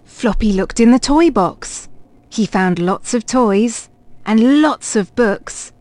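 Woman, storybook reader, expressive, clear, slow, higher-pitched. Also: no echo. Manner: clear, expressive read-aloud. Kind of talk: reading a children's picture book aloud.

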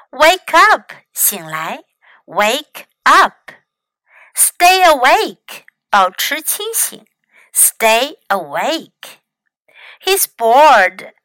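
Chinese-native woman teacher, bright and slightly high, unhurried bilingual lesson. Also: dry recording, poor audio. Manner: clear, careful enunciation. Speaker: English teacher. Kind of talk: bilingual read-aloud lesson.

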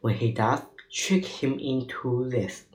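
A man's voice: medium pitch, slow pace, close to an everyday voice, low-quality recording. A man doing a kindly mysterious old woman. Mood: calm.

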